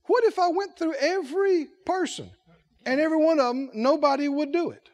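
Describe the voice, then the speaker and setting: A man heading a ministry preaches a sermon in a very high-pitched voice at a moderate pace. He is emphatic and repetitive, posing questions to the congregation and acting out quotes.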